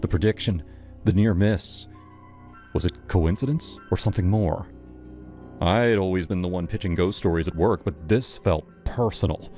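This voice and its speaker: A man narrating a first-person horror story in a measured, dramatic way. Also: sits low, mellow. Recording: music playing behind.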